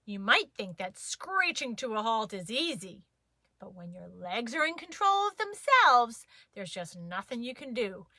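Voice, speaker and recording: Woman storyteller for kids, playful, slow, high and animated, dry sound. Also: no echo. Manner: playful and expressive. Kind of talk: children's story reading.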